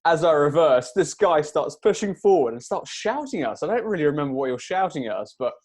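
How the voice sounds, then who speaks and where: A young man with a fairly high voice, chatting on a podcast. He tells a story with his co-host and chuckles often, in a relaxed, informal way. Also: quick pace. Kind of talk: casual chat.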